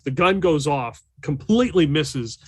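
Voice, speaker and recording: A man's voice: fairly high pitch, expressive, measured pace, a little hiss or hum. A man narrating a tabletop horror game as game master, with a loose, rambling delivery full of fillers.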